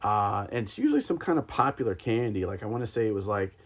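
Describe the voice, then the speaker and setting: Over slightly dull, lo-fi stream audio, a podcast host samples sodas on a livestream, chatting and rambling with many ums and likes. His voice is on the low side, sing-song, and quick.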